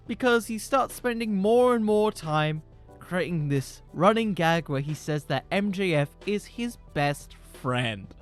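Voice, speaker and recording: A man hosting a comedic podcast, pitching silly storylines in an animated, rambling way. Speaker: podcast host.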